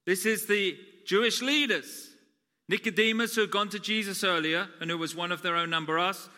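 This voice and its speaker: A man preaching a chatty sermon full of jokes, swinging between loud and soft. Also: high voice, lively intonation, moderate pace, in a large hall.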